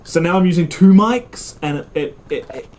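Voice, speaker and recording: A man's voice: a little high, moderate pace. A young man casually commentating while playing a game at home, swearing a lot and yelping when things go wrong. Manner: swearing, excitable, yelps when startled. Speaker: let's play gamer. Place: home room. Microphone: desk mic and camera mic.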